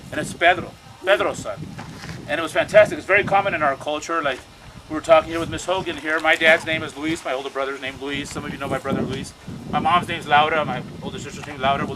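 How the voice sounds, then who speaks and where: A man speaking to a crowd outdoors as an activist, telling stories in an urgent way and often repeating his words. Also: a little high. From United States. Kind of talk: impassioned outdoor speech. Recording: noisy outdoor recording.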